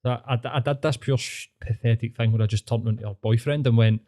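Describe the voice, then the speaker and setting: A man's voice: lowish voice, steady tone, quick pace, few pauses, warm tone. A Scottish man hosting a podcast, telling rambling, sweary stories in casual chat. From Scotland. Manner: swears freely, rambling storytelling. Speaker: podcast host.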